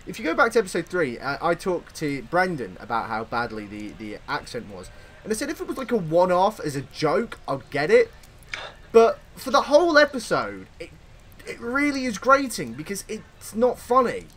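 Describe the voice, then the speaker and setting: An English man hosting a casual podcast chat, giving blunt opinions in an animated way. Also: sits high, moderate pace. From Britain. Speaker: podcast host.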